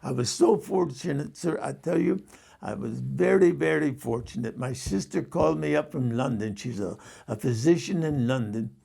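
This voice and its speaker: A man's voice: mid-range voice, lively intonation, normal speed, gravelly, dark tone, husky, heavily acted. A man voicing a chatty, effusive male cab driver with an Indian accent, who keeps politely calling his passenger "sir". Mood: gushing.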